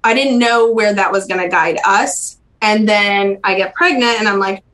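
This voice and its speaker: In a podcast interview, a young adult woman speaks gently and hesitantly about her own memories, pausing a lot and restarting often. Her voice falls in the mid-range, captured on poor audio.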